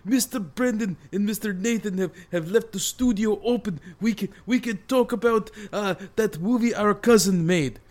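A man's voice: sits high, moderate pace, few pauses, a little mellow, natural voice. A man playing an eager, nervous male guest who stammers and repeats himself.

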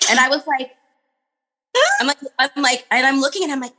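Woman, esthetician, casual chat, animated storytelling, laughs a lot, bright tone. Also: high-pitched, brisk.

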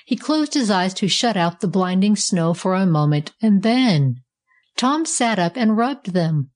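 A woman narrating a storybook with a measured, expressive reading style. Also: medium pitch.

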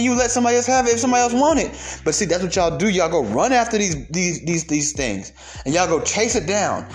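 A young man delivering a heated, profane rant of social commentary, emphatic and blunt. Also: high-pitched.

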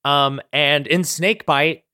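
A man in casual chat, animated and profane, acting out characters' lines as he brainstorms a story. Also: on the high side, takes it slowly, smooth, dry recording, studio quality.

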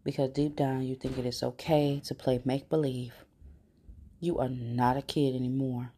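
A woman hosting a self-help podcast, talking bluntly with slang and reading affirmations slowly and deliberately. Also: a bass voice, steady tone, warm tone, husky. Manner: blunt, preachy, slangy, calls listener honey and baby. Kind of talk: motivational talk with affirmations.

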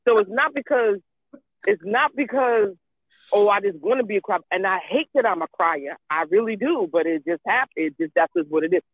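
A woman's voice: mid-range voice, lively intonation, a little fast, no room sound. A woman in casual chat who talks emphatically, repeats herself, and swears freely. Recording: tinny phone-like line.

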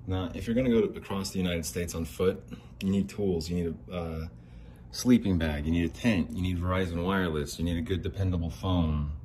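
A man's voice: deep voice, fairly quick, mellow, a little hiss or hum. A man hosting a solo podcast, talking in a joking, digressive way and acting out little scenes. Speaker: podcast host. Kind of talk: rambling solo monologue.

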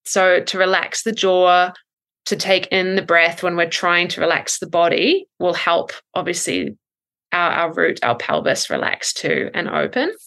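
A woman in her thirties, a breathwork coach, explaining thoughtfully in a podcast interview with frequent ums and soft laughs. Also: fairly low pitch, big pitch swings, measured pace.

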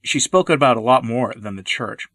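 A man delivering scripted commentary narration in a measured, deliberate way. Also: medium pitch, a bit bright, dry recording, clean studio sound.

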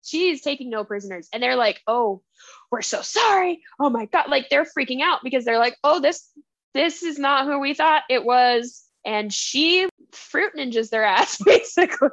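A young woman with a high voice gushes and giggles as a book podcast co-host, retelling scenes in loose, slangy talk. The sound is close and dry, with no room around it. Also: animated, normal speed, fairly bright tone, dry recording, dull audio. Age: young adult. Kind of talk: casual book chat.

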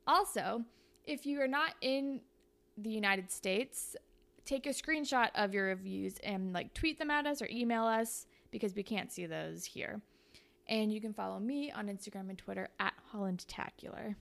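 A woman's voice: medium pitch, normal speed, gravelly, a bit bright. A young woman co-hosting a podcast, chatting casually and making up a story on the spot, full of "like" and fillers. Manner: chatty, filler-heavy with lots of "like". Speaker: podcast co-host. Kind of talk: casual podcast chat, improvising fan fiction.

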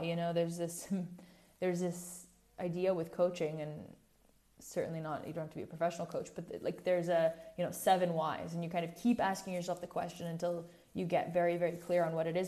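A woman with a slightly low voice hosts a casual podcast monologue. She speaks candidly and animatedly, correcting herself mid-sentence and drifting into asides. At times she turns a little preachy as she presses her point. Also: warm tone. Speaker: podcast host.

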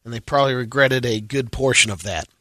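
A man with a bright, forward voice, reading quirky news items as a radio co-host. The sound is close and dry, and he delivers each item as a plain, matter-of-fact setup. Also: medium pitch, fast, no echo. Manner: reads odd news bits, dry setups. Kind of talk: casual banter and news reading.

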